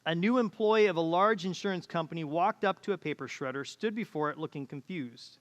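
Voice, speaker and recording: A man's voice: fairly high pitch, fast, fairly bright tone. A middle-aged man preaching a conversational sermon as pastor, acting out quoted voices, recorded in a church auditorium. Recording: church hall reverb.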